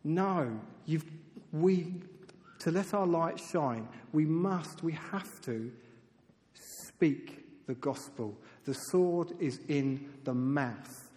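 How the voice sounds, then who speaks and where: A man preaching a sermon in a lively, conversational way, dropping to soft, emphatic tones for key points. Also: on the high side, drawn-out words. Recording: reverberant hall.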